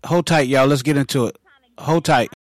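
A man hosting a casual podcast chat, easygoing and quick to affirm his guests. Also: mid-range voice. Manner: easygoing, affirming with frequent yeahs. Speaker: host.

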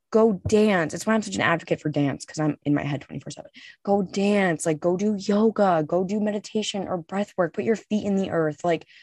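A woman's voice: on the low side, darkish tone, no echo, studio quality. A young woman co-hosting a podcast, talking in a candid, emphatic way and swearing freely. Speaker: podcast co-host. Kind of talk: casual podcast chat.

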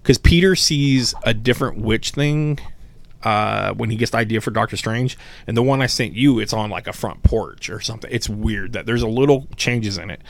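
A man co-hosting a podcast, rambling in casual, animated chat and swearing freely. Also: lowish voice, moderate pace, vocal fry, no echo. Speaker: podcast co-host.

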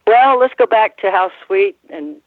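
A woman's voice: mid-range voice, animated, unhurried, no echo. A woman in her sixties, a former ring announcer, telling rambling stories in a casual interview and laughing often. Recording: tinny phone line, dry.

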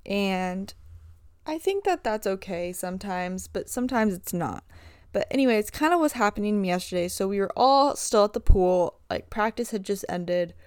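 A woman's voice: medium pitch, a little mellow, clean tone, no room sound, clean studio sound. A young woman hosting a casual podcast monologue as a swim coach, chatty and full of "like" fillers.

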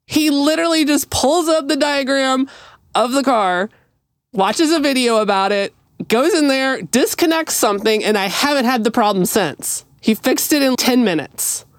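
A woman with a high voice speaks at normal speed, with no echo in the recording. As a podcast co-host, she shares a story in easygoing chat, bringing each quoted line to life.

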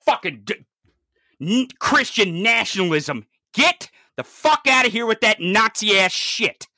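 A commentator delivering an angry, profanity-heavy political rant, swinging from low growls to shouts. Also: lively intonation, a little slow, no echo, studio quality.

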